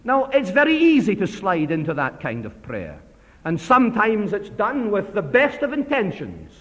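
A man delivering a sermon with real fire, his voice leaping up and dropping low to press each point home. It rings out with a long reverb from a large hall, and he often falls to a hushed aside after a loud burst. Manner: impassioned, swings from loud emphasis to hushed. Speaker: preacher. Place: church assembly hall.

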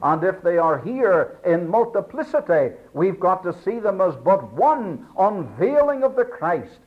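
A man's voice: big pitch swings, measured pace. Earnest preacher man on lo-fi radio. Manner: earnest, emphatic, rises in pitch to stress points. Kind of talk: sermon. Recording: dull lo-fi radio sound.

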